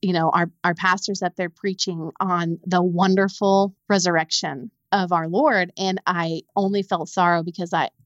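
A young adult woman, a podcast guest, telling a painful personal story in a halting way, repeating words when it gets hard. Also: lowish voice, little pitch movement, no room sound, lo-fi sound.

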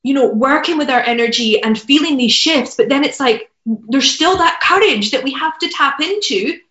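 A woman's voice: sits high, expressive, normal speed, a bit bright. A woman guest sharing a heartfelt personal story, earnest, with lots of fillers. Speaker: podcast guest, business mentor. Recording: roomy, dull lo-fi sound.

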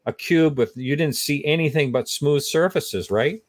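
A man's voice: a little high, normal speed, dry recording. A man hosting an interview, sympathetic and rambling, with many fillers as he asks his questions. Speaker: podcast host. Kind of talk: casual interview talk.

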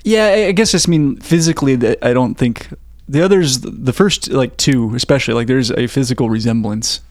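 A man's voice: mid-range voice, normal speed, no echo, clean studio sound. A man co-hosting a podcast, reacting with jokes and the odd swear word. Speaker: podcast co-host. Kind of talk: casual movie chat.

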